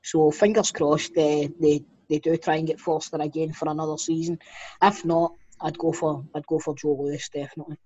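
A man's voice: fairly high pitch, level tone, brisk, warm tone, slightly rough, lo-fi sound. A Scottish man co-hosting a football podcast, talking in a loose, rambling way. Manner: rambling, loose, laughs along. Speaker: podcast co-host. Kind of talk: casual chat.

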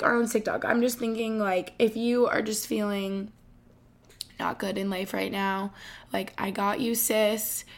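A woman in her twenties hosting a podcast, talking in a casual, rambling and heartfelt way with lots of "like", emotional and tender. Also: medium pitch. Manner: effusive, rambling, heavy use of "like". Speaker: podcast host.

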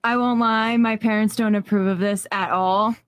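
A woman's voice: mid-range voice, steady tone, normal speed. A woman speaking as a podcast guest, candid and a little hesitant. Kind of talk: casual podcast conversation.

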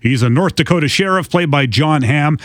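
A man's voice: fairly high pitch, lively intonation, fairly quick, no echo. A man co-hosting a podcast who reviews a TV season with enthusiasm, in a casual chat. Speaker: podcast co-host.

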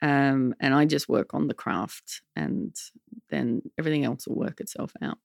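A woman's voice: extremely low pitch, moderate pace, creaky, a little mellow, dry recording. A woman guest on a podcast, talking in a dry, self-deprecating way. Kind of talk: casual interview chat.

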